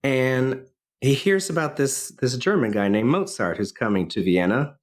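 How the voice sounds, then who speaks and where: Lively intonation and a moderate pace mark this man's mid-range voice. As a podcast co-host, he casually walks through a film's plot, rambling and restarting often with lots of filler words.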